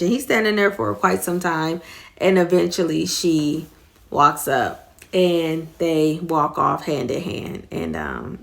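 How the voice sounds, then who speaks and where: A middle-aged woman hosting a faith talk, retelling a movie in a rambling, earnest way with many fillers. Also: on the low side. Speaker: host.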